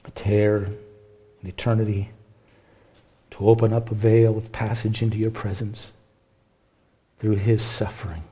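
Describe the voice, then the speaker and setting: Impassioned preaching man, hushed to ringing. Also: lowish voice, little pitch movement, unhurried, pauses often, breathy edge. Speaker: pastor. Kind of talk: sermon.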